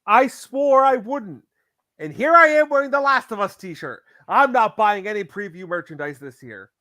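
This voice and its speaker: Wry, bright-voiced man, close and dry. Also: high voice, animated, moderate pace, dry recording. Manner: wry, joking asides. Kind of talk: casual chat.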